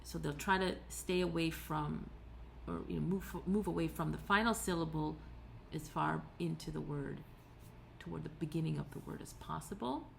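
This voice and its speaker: A woman's voice: low-pitched, moderate pace, creaky, a little hiss or hum. A woman giving a recorded tutorial lecture, explaining patiently step by step with occasional fillers and self-corrections. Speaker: teacher.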